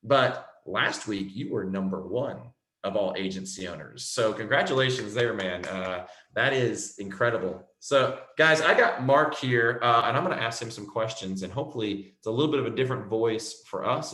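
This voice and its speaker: A man's voice: fairly low pitch, lively intonation, normal speed, fairly bright tone. Upbeat joking man hosting a video call. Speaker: host. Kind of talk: casual video call chat. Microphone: video call microphone. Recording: roomy video call audio.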